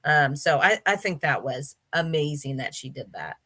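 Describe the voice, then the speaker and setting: Interview guest, woman, chatty anecdote-teller, bright forceful voice. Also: low-pitched, expressive, normal speed, breathy edge. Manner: chatty storyteller, many fillers and restarts. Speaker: interview guest, former gymnast. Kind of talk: casual interview chat.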